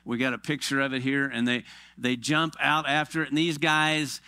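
Bright-voiced pastor, joking from the pulpit. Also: male voice, medium pitch, no echo. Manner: joking, animated storytelling with quick voiced asides. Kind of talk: sermon. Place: church.

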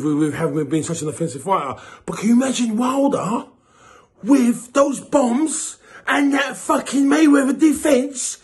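A man, hosting his own boxing channel and ranting casually, swearing and repeating himself as he grows louder. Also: extremely high pitch. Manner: animated, swearing, repeats himself, rising to shouts. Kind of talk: casual boxing opinion rant.

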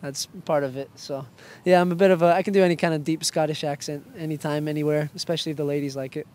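A young man, a soccer player, answering quick-fire interview questions in a playful, joking way. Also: fairly high pitch, fairly even intonation, darkish tone. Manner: playful, joking, self-mocking.

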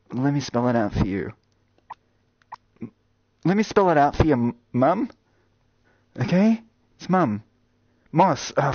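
A man streaming games and chatting casually with viewers, rambling and joking with sudden loud outbursts. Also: medium pitch, dry recording, lo-fi sound. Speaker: gaming streamer. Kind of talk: casual live-stream chat.

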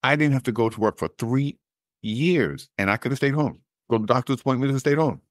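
A middle-aged man telling a personal story as an interview guest, animated and acting out the dialogue he recalls. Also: medium pitch, fairly quick, dry recording, clean studio sound. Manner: animated storyteller who acts out quoted dialogue, laughs at his own jokes.

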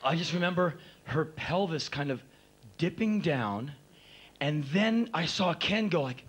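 A middle-aged man telling stories live on stage, animated and acting out the people in them, building to excited outbursts. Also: fairly high pitch, measured pace, slightly rough. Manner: animated, acts out voices, builds to excited shouts. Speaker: spoken word performer. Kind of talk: live spoken word storytelling. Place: live stage before an audience. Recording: live concert recording with faint crowd noise.

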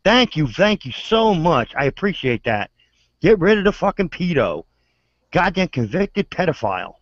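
A man's voice: a little high, very animated, normal speed, no room sound. A man from Pennsylvania in a heated online argument, profane, taunting and repetitive. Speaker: chat room participant. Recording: dull dry lo-fi internet audio.

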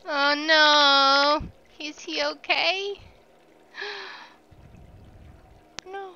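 Shrieky high-voiced woman streamer. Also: slow, pauses often, smooth, highs cut off. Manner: excitable, shrieks and yelps when scared. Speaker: streamer playing a video game. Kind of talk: live gameplay commentary. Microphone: desk microphone.

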